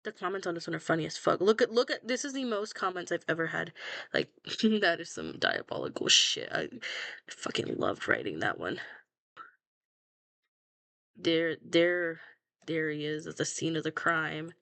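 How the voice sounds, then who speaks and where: A woman's voice: on the low side, lively intonation, moderate pace, creaky, long pauses, a bit bright, no echo. Dry, blunt young woman, casual rambling. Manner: blunt, swears a lot, laughs at herself. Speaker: fanfiction writer scrolling her own archive. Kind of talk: casual chatty commentary.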